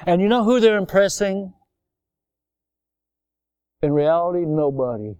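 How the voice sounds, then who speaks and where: Pastor guy preaching, pretty high voice, leans on words and stretches them out. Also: dark tone, dry recording, clean studio sound. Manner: emphatic, folksy preaching with drawn-out stressed words. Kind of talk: sermon.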